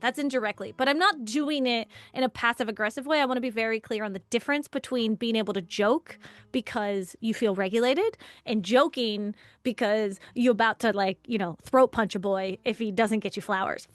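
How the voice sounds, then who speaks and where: Animated woman leading a workshop. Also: on the high side, quick pace, dry recording. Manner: animated, acts out quoted dialogue in voices; casual, conversational, chatty asides. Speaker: workshop leader. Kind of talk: live online workshop teaching.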